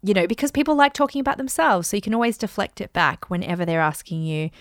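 A woman hosting a casual talk on money mindset, chatty and animated, acting out bits of dialogue. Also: medium pitch, fast, no echo, studio quality. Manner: chatty and animated, acts out dialogue in bright voices. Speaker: host and money mindset coach. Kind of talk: casual teaching monologue.

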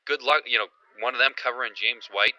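A man co-hosting a sports podcast, talking in a rambling, excited way with lots of fillers. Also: mid-range voice, fast, no echo, muffled recording. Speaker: podcast co-host. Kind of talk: casual sports chat.

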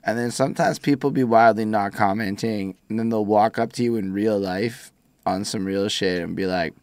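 A man's voice: on the low side, steady tone, normal speed, darkish tone, clean tone, no room sound. A male host in casual podcast chat, making dry, teasing asides.

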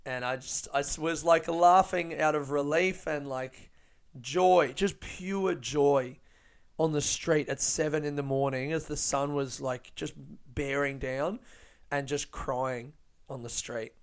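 A man hosting a podcast, telling stories in an animated, sweary way and laughing often. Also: on the high side, takes it slowly, smooth. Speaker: podcast host and stand-up comedian. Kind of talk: casual podcast monologue.

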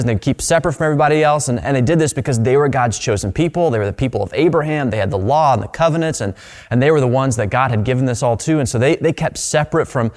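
A man preaching a sermon in a relaxed, conversational way, with frequent restarts and repeated words. His voice sits at an everyday middle pitch. A long reverb from the hall trails behind every phrase. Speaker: pastor.

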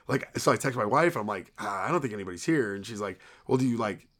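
A man's voice: lowish voice, expressive, fast, fairly bright tone. A man in his thirties co-hosting a podcast, telling stories in a rambling casual way with lots of "like" and quoted dialogue. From New York area. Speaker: podcast co-host. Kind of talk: casual chat.

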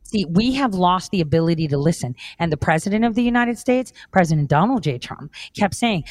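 A woman speaks as a guest on a talk show, pressing her points with insistence and repetition. Her voice sits at an ordinary pitch for a woman. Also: animated, brisk, hardly any pauses, dry recording. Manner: emphatic, insistent. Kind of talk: casual talk show conversation.

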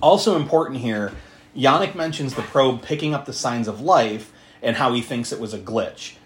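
Male podcast host, lively pitch, casual recap, jokey and profane. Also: normal speed, slight background noise. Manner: animated, swearing, laughing, acting out characters. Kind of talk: casual movie recap chat.

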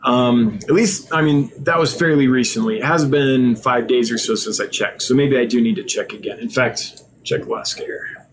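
A tired man with a mid-range voice and moderate pace hosts a live stream, reading viewer usernames aloud and chatting casually. He sometimes stumbles over his words, and there is slight background noise.

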